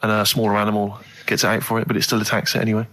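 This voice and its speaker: Fast-talking dry male radio co-host. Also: fairly low pitch, completely flat delivery, bright, forceful tone. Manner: dry, teasing, storytelling with put-on animal voices. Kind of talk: studio radio banter. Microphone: studio microphone.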